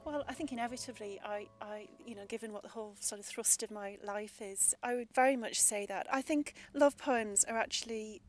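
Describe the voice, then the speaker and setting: A woman poet speaks in a fairly high voice. She answers questions thoughtfully and at a measured pace, reflecting as she goes. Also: soft background music.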